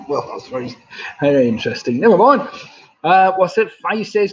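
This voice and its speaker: Hosting a pub quiz over a live stream, this Englishman in his sixties is chatty and laughs while reading viewers' messages aloud. He speaks at a moderate pace in an animated, high-pitched voice, over dull, lo-fi home audio.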